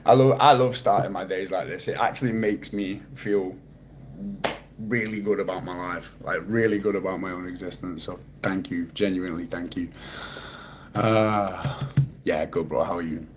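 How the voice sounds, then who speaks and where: A Mancunian man from Manchester, England, with a low, deep, steady voice chats loosely with his livestream viewers at a moderate pace. Over a noisy background, he reads chat and reacts to comments in a laid-back, dry, sarcastic way, swearing casually.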